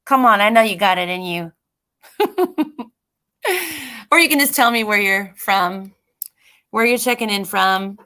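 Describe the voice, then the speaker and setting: A woman's voice: mid-range voice, a little slow, pauses often, sharp tone. A woman co-hosting a live psychic reading stream, chatty and bubbly, laughing often as she talks to viewers. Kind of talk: casual live-stream chat.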